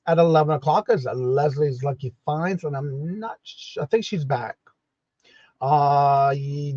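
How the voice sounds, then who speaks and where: A man's voice: a little high, darkish tone, no echo. A man hosting a casual morning live stream, greeting viewers by name in a repetitive, upbeat way and reading out a schedule. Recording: dull lo-fi dry audio.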